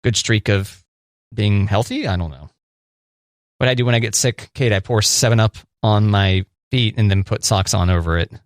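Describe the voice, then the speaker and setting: A man's voice: lowish voice, normal speed, no room sound, studio quality. A man co-hosting a radio show, chatting casually and teasing his co-host with playful quiz-style questions. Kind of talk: casual banter.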